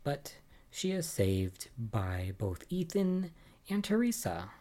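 A man's voice: fairly high pitch, very animated, slow, mellow. A man giving a casual, chatty recap of soap opera episodes, with lots of "um" and "like" and amused asides.

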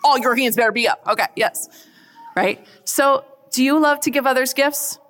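A woman giving a faith talk to a live audience, chatty and animated, often asking the crowd questions. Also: high-pitched, normal speed. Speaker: speaker at a church event. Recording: long hall reverb.

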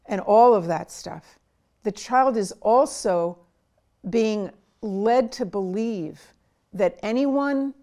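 A woman's voice: mid-range voice, darkish tone. A woman psychiatrist in an interview, earnestly coaching parents step by step on how to talk with their child. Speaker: child and adolescent psychiatrist, guest. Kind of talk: advice in an interview.

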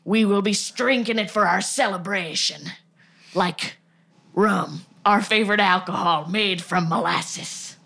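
A playful woman co-hosts a comedy podcast in a middle-pitched voice. She bounces through banter, laughs a lot and drops into silly accents on a whim. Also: measured pace, gravelly, pushed and bright. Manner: playful, laughs often, slips into joke accents. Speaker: podcast co-host.

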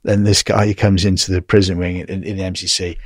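An English man with a fairly low voice tells a story in a relaxed, conversational way. He acts out other people's lines as he goes, and the recording is close and dry. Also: a little fast, no echo. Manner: animated, acts out quoted dialogue. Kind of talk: casual storytelling.

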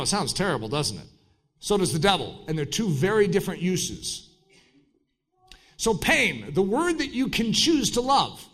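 A man preaching a sermon in an animated way, breaking into shouted mock voices. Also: high voice.

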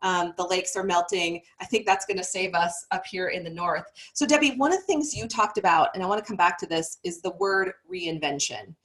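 A woman's voice: lowish voice, brisk, gravelly, few pauses, fairly bright tone. A woman hosting an interview, asking loose, rambling questions full of "like". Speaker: host.

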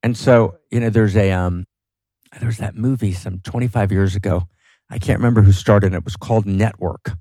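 As a podcast guest in a passionate philosophical talk, a man speaks briskly in a lowish, warm, steady voice. He's fervent and emphatic, with frequent "right?" tags, and the recording has no room sound.

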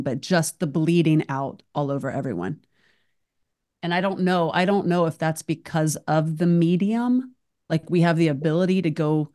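A woman's voice: deep voice, a little mellow. A woman hosting a podcast, talking openly in long, emotional run-on thoughts. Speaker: podcast host. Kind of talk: casual conversation.

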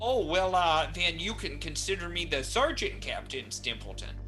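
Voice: mid-range voice, big pitch swings, normal speed, pushed and bright, faint music behind. A game master voicing a folksy, greedy male sergeant guard who fills his talk with verbal tags. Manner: folksy drawl with filler tags.

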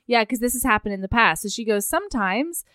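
Animated woman recapping a book. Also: on the high side, quick pace, clear, resonant tone, no echo, studio quality. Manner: animated, retells scenes with quoted voices and laughs. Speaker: podcast co-host. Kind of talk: casual book chat.

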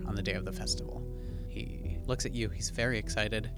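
A man hosting and narrating a tabletop role-playing game with clear, steady delivery. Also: on the low side, normal speed, few pauses, music in the background. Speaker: host and game master.

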